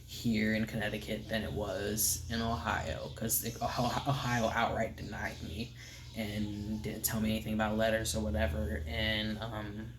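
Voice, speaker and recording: A man giving a casual, candid vlog update, soft-spoken and rambling with many fillers, often trailing off into a near whisper. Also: on the low side, monotone, normal speed, hardly any pauses, background noise. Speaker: vlogger.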